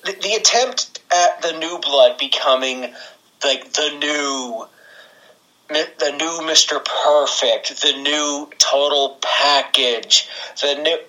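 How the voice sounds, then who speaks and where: Bright-voiced man ranting casually. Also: on the high side, takes it slowly, low-quality recording. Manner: rambling, sarcastic, swears and laughs often. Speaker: podcast co-host. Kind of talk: casual wrestling podcast chat.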